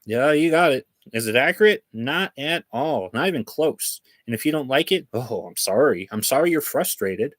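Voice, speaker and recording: A smug, apologetic chatbot that keeps saying sorry and dodging the point, put on by a man. Sarcastic and singsong, in a dry, close sound with no room echo. Its pitch stays at an ordinary middle. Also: animated, moderate pace, few pauses, a bit bright. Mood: mocking. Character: fawning, evasive AI chatbot assistant.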